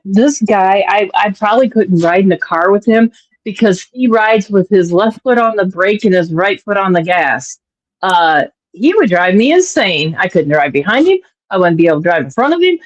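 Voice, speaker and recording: A woman in casual chat who gossips excitedly and leaps up in pitch when quoting others. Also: highs cut off. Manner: excitable, gossipy, big pitch swings in quotes.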